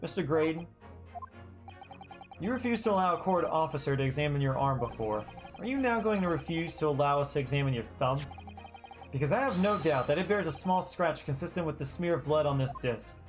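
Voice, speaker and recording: A streamer voicing a young defense lawyer from a text game, earnest and steady. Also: mid-range voice, fairly quick, faint music behind, lightly acted. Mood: firm.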